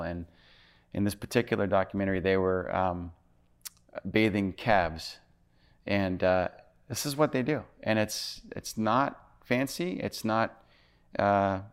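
A male pastor preaching a sermon in an earnest, halting way, often restarting his phrases. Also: fairly low pitch.

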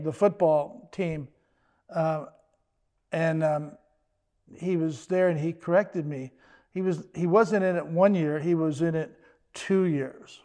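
A man's voice: high-pitched, a little mellow. An older man preaching a sermon as pastor, in a conversational style with joking asides.

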